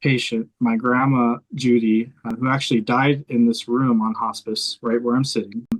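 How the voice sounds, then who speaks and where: A man's voice: mid-range voice, flat delivery, normal speed, rough recording. Earnest man, a hospice chaplain. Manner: earnest, heartfelt, close to tears while telling it. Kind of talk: personal storytelling in an interview. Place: room in a private house.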